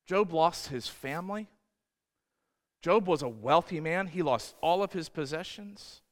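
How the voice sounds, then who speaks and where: A man's voice: on the high side, expressive, a little slow, big-room sound. A man preaching a sermon as pastor, emphatic and repeating words, often acting out voices in quotes. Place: church.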